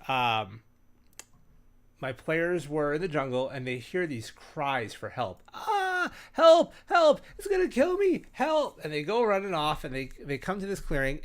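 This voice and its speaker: Male host with a middle-pitched voice, casual and rambling, full of fillers and restarts, livens up when he tells stories over a computer mic. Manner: animated storyteller. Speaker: host sharing game-master tips. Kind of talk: casual chat.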